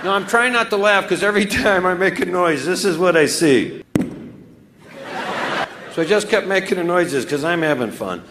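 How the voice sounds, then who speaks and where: A man telling a funny story from his own life, chuckling as he builds the excitement. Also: sits high, normal speed, long pauses, in a large hall, noisy background. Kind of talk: comic anecdote told to an audience.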